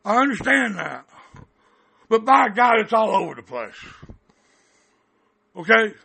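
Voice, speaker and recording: A man's voice: high voice, big pitch swings, a little slow, gravelly, sharp tone, slightly rough. A man on a heated phone call, blunt and angry, stammering and cursing as he complains. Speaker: caller, activist recording his calls.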